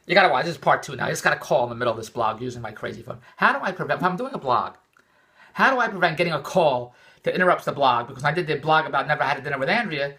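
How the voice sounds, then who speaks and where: An older man from Philadelphia talks fast in a bright, sharp voice, wandering from point to point. His pitch swings widely as he repeats himself in exasperation. It is a loose, unscripted vlog monologue. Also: expressive. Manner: rambling, repetitive, exasperated. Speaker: vlogger. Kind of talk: rambling personal vlog monologue.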